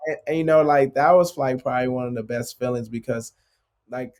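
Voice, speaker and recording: A man in his late thirties, a guest, relates his stories in a loose, rambling way, with plenty of filler words and a habit of adding "bro". His voice sits at an ordinary middle pitch. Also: fairly quick. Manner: loose and filler-heavy, constant "like" and "bro", animated retelling. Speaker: professional basketball player, guest. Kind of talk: casual storytelling interview.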